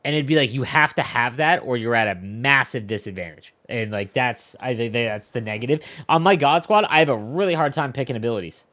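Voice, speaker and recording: A man's voice: mid-range voice, brisk, hardly any pauses, a bit bright. A man co-hosting a gaming podcast, rambling in casual chat and talking over the others. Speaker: podcast co-host.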